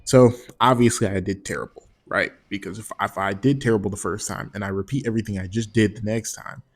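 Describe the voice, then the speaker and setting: A man's voice: lowish voice, steady tone, fast. A man telling a personal story in a casual storytime monologue, slangy and profane, rambling and repeating words.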